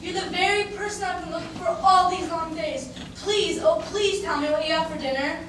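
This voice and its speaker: A curious, earnest young elephant child, played by an older woman in a stage show, asking politely in a fairly high voice. The sound comes from far off in a very echoey hall with some background noise. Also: brisk. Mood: eager. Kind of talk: amateur stage musical.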